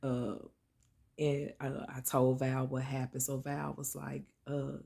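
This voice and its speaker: A woman with a gravelly, husky voice tells a personal story in a relaxed, chatty way. She speaks straight to her viewers, drawing them in as she goes. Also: rumbling low, slow. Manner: chatty, animated, addresses listeners as y'all and child. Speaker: vlogger. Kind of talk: casual storytelling.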